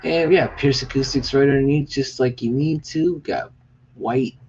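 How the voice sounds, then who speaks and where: A man's voice: medium pitch, moderate pace, breathy edge, dull audio. A man rambling casually on a behind-the-scenes vlog about his business merch, hyped and swearing now and then. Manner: rambling, hyped, swearing, bursts into excited yelling. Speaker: small business owner showing merch.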